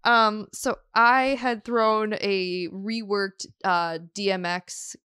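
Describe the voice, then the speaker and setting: A woman's voice: medium pitch, steady tone, takes it slowly, bright, forceful tone, clear, resonant tone, dry recording, studio quality. A woman co-hosting a podcast in casual chat, giggling often and trailing off with fillers. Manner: giggly, laughs often mid-sentence; trailing filler-heavy phrasing. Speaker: podcast co-host.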